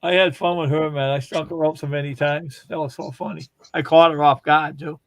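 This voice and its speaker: A man's voice: a little high, fairly even intonation, fairly quick, dry recording. A man casually telling long, rambling funny stories on a livestream and laughing as he goes. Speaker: livestream host. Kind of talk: casual storytelling chat.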